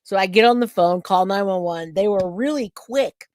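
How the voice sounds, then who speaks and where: A middle-aged woman hosting a true crime livestream, chatting casually and telling a story with lively acted-out quotes. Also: mid-range voice, normal speed, dry recording. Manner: chatty, animated storytelling, acts out quoted voices.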